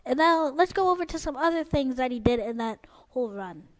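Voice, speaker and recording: A teenage girl with a high, bright voice tells a casual storytime tale about her school days. She rambles, uses lots of filler words, and sounds openly exasperated, speaking expressively and at a brisk clip.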